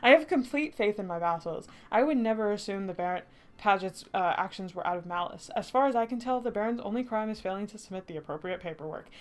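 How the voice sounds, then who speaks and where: A woman's voice: medium pitch, expressive, quick pace, natural voice. A woman reading the lines of a polite, dismissive middle-aged nobleman in a story. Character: smooth, condescending middle-aged male duke.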